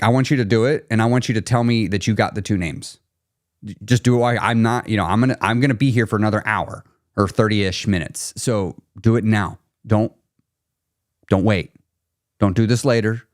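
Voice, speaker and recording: A man hosting a casual live stream, talking straight to viewers in a pushy, teasing way and laughing often. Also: fairly low pitch. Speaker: live stream host, weight loss coach.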